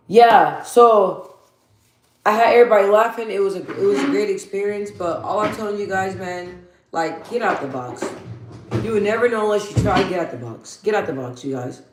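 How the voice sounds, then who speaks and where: A woman vlogger with a deep, bassy voice chatting casually while doing her makeup, blunt and slangy, repeating phrases for emphasis like a motivational talk. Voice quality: deep for her, in her own words. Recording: roomy echo.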